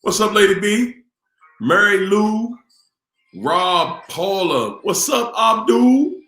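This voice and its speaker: A man's voice: high-pitched, big pitch swings, slow, a bit bright. A tired middle-aged man hosting a casual live stream, laid-back as he greets chat viewers by name. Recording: roomy echo with faint music.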